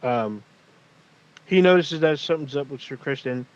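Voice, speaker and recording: A man's voice: medium pitch, moderate pace. A man recapping a TV episode in casual podcast chat, swearing often and acting out the characters' lines. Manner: animated, profane storytelling with acted quotes. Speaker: podcast co-host. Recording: muffled lo-fi audio.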